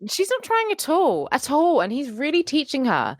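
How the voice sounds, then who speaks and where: A woman's voice: high voice, wildly swooping pitch, normal speed, no echo. A woman co-hosting a podcast, chatting casually, swearing and acting out quotes in shifting voices. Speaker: podcast co-host. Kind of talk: casual chat.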